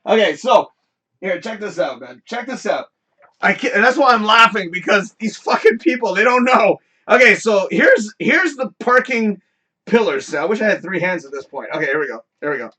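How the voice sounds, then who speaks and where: A man's voice: sits high, big pitch swings, normal speed, sharp tone, breathy edge. A man hosting a live stream, telling a story in a casual, profane rant and laughing often. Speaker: host.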